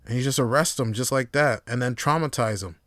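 A man hosting a solo podcast, talking in a casual, profane, rambling way that swings between quiet reflection and animated storytelling. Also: medium pitch, a little fast, dry recording, clean studio sound. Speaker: podcast host.

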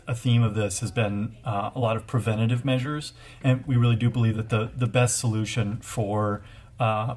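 A man in his thirties co-hosting a casual chat, giving parenting advice in an earnest, thoughtful way with frequent halting restarts. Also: mid-range voice, darkish tone. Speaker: co-host, parent.

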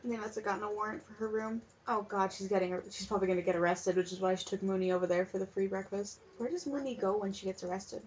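A young woman co-hosting a casual movie podcast, blunt and swearing freely, getting loudly exasperated. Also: medium pitch, quick pace, few pauses, highs cut off, slight background noise. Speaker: podcast co-host. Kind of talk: casual movie-watching chat.

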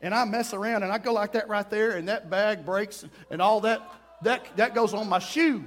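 A middle-aged man preaching a sermon, telling a story with lively, acted-out quotes and sudden outbursts. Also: sits high, moderate pace. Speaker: pastor.

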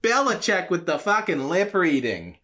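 A man voicing Godzilla as a grumpy monster with a Boston accent, ranting slowly and cursing. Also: high-pitched, very animated, sharp tone, pitched above the performer's own voice, exaggerated voice. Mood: grumbling. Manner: slow, cursing rant.

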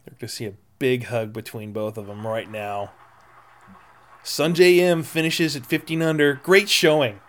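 A man hosting a podcast, commentating casually over a golf broadcast, excitable and repeating his exclamations. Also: mid-range voice, moderate pace. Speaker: podcast host.

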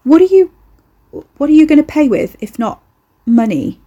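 A woman's voice: medium pitch, normal speed, dark tone, breathy edge, lo-fi sound, natural voice. A woman voicing an anxious, exasperated young woman in an audiobook. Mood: wary. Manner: exasperated, groaning.

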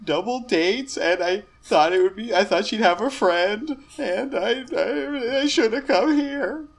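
A man voicing a timid, weepy young man lost in a dungeon, stammering in a high, whimpering voice. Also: unhurried, vocal fry, full character voice. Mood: sheepish. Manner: stammering, fearful.

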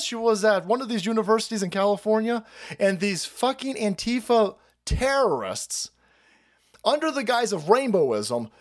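A man hosting a political livestream, ranting in a profane, combative and sarcastic way. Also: high-pitched. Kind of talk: ranting commentary.

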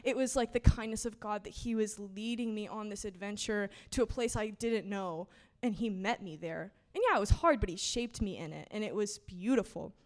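A woman's voice: mid-range voice, moderate pace. Young woman preaching casually. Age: 20s. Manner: chatty, filler-heavy, laughing and emotional. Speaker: preacher giving a testimony and teaching. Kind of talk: casual conversational sermon. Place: church service.

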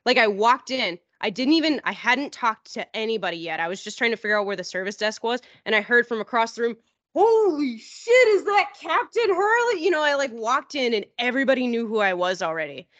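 A woman chatting on a podcast, telling a rambling story and jumping up in pitch when she acts out what others said. The sound is dry with no room at all. The audio is dull and a bit lo-fi. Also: expressive, fast, few pauses, pushed and bright, dry recording. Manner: rambling, acts out quoted people in a higher voice. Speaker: podcast host. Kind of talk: casual storytelling chat.

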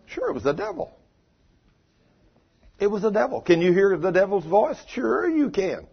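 An older preacher delivers a sermon in a husky, homespun voice. He tells stories and swings from loud declarations to hushed asides. The recording is muffled and lo-fi. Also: high-pitched, wildly swooping pitch, normal speed. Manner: folksy, storytelling, swings between loud and hushed.

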